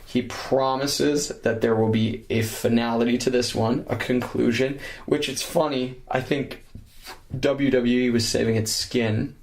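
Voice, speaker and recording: A man's voice: fairly even intonation, unhurried. A man co-hosting a casual podcast, joking around and sometimes slipping into silly voices. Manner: jokey, breaks into silly high voices and impressions. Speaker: podcast co-host. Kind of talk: casual chat.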